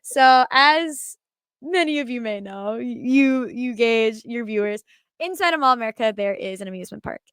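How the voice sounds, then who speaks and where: A young woman from Minnesota, a podcast guest telling lively anecdotes with laughs. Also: a little high, moderate pace, smooth, dry recording. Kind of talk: casual storytelling.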